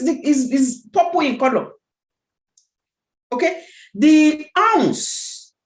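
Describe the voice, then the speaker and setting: A woman's voice: high-pitched, darkish tone, reverberant, poor audio. A woman speaking at a team meeting, giving an emphatic motivational talk with repeated phrases and a preacher-like cadence. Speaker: network marketing team speaker.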